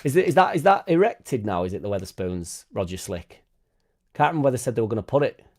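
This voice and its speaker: A man's voice: on the low side, big pitch swings, fast talker, a little mellow. A man hosting a casual live stream, reading out chat and swearing freely as he talks. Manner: swears freely, chatty, tag questions like innit. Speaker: fan channel host reading live chat.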